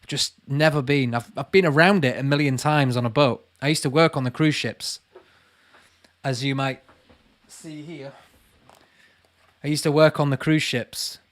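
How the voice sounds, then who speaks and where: A man's voice: fairly high pitch, steady tone, normal speed, long pauses, fairly bright tone. A man in his late thirties with a Lancashire accent, chatting casually on a livestream, reading viewer comments aloud and calling people mate. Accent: Lancashire English. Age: late 30s. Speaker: channel host answering live chat.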